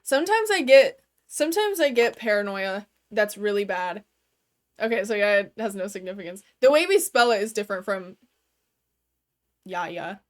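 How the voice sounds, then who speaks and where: A woman's voice: medium pitch, lively intonation, brisk. A young adult woman chatting casually from her bedroom while streaming a game, talking loosely and swearing freely, with lots of "like" fillers. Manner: loose and profane, full of "like" fillers. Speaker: gaming streamer.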